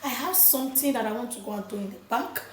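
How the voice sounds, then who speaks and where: A woman and mother with a hoarse voice, chatting casually to camera in her kitchen and laughing often. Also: a little high, expressive, fast talker, reverberant. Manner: chatty, laughing, addresses viewers as guys. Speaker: vlogger, mother. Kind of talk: casual vlog chat to camera. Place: home kitchen.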